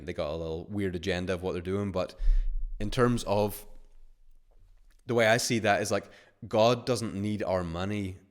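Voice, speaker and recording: A low-voiced man hosts a webinar as a money-mindset coach, speaking casually in a rambling way loaded with fillers and acting out little scenarios.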